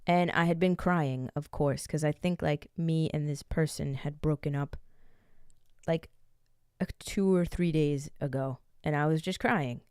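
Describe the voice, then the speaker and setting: An American vlogger in her late twenties tells a personal story frankly and ramblingly, swearing freely. Her low voice is darkish, clear, and resonant, captured in a dry, clean studio recording.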